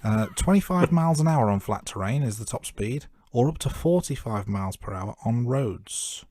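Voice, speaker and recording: A man's voice: mid-range voice, expressive, normal speed, mellow, dry recording, studio quality. A man co-hosting a film review podcast, chatting casually and raising wry, jokey questions about the plot. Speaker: podcast co-host. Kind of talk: casual movie review chat.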